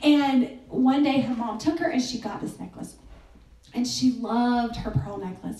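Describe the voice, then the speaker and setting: A woman's voice: a little high, a little slow. Woman preaching in a roomy hall. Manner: conversational, with fillers and soft hushed quotes. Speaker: speaker at a church gathering. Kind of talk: sermon with a told story. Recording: echoey room, distant mic.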